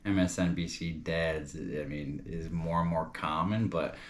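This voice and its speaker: A man's voice: extremely low pitch, fairly even intonation, a little slow. A young man from New York chatting casually as a comedy reviewer, rambling and loose, calling people bro and dude.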